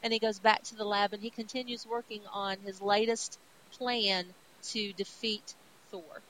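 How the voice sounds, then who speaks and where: A woman co-hosting a podcast, casually retelling comic book plots in a chatty, animated way. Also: mid-range voice, unhurried, a little hiss or hum, poor audio. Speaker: podcast co-host.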